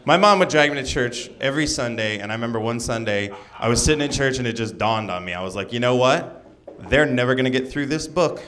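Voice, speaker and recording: A man's voice: medium pitch, lively intonation, fast, a bit bright. A young man performing a loose, jokey stand-up set on a club stage, talking to the audience between bits. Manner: loose, jokey delivery with asides to the crowd. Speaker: stand-up comedian. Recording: live club recording with crowd. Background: audience laughter and clapping.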